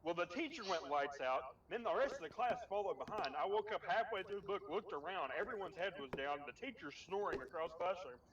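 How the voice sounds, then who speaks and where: Young guy telling wild school stories, high voice that swings all over, muffled and far from the mic. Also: quick pace, hardly any pauses, a little hiss or hum. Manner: animated, swearing, laughing through his stories. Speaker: storyteller. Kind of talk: casual chat, swapping school stories. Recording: muffled, distant, crowded room.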